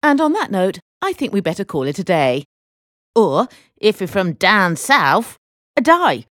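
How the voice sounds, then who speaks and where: A woman reading example sentences slowly and clearly for a language drill. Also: medium pitch, big pitch swings, fairly bright tone, dry recording, clean studio sound.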